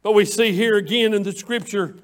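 In a church room with online viewers watching, a man preaches a passionate sermon in a high, steady-toned voice at a brisk pace. He repeats phrases in cadence and swings between hushed pleas and shouts.

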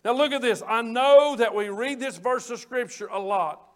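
A man with a strikingly high voice preaches a fervent sermon. He builds his points through repetition and often lifts into hollering. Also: normal speed. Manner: repeats and restarts phrases for emphasis.

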